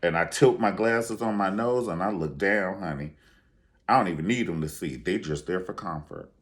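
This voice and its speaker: A man giving a sassy, profane reality TV review, acting out quotes in high voices. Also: moderate pace. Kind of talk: animated casual commentary.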